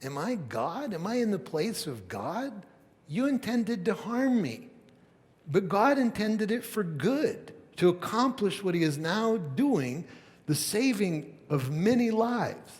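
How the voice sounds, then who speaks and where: A man's voice: fairly high pitch, normal speed, in a large hall, natural voice. A man voicing Joseph, a grown brother in power, speaking in plain modern phrasing. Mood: reassuring.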